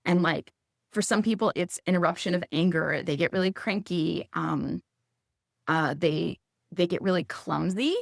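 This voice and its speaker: A woman in her thirties speaking casually as a guest, chatty and animated, acting out quoted lines in a higher voice. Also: moderate pace, creaky, no echo, studio quality. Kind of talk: casual conversational advice.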